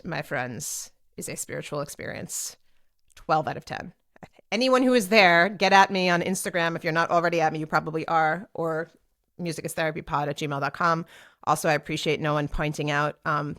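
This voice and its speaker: A woman in her forties hosting a casual solo podcast, talking in an animated, chatty way with lots of fillers and restarts. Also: low voice, moderate pace. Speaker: podcast host and DJ. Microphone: speaking to a camera for a video podcast.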